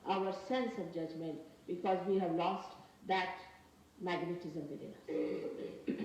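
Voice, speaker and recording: A woman from India with an Indian English accent giving a spiritual lecture, earnest and emphatic, speaking in slow, halting phrases. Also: mid-range voice, darkish tone. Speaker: spiritual teacher. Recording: very echoey archival talk from a distance with faint noise.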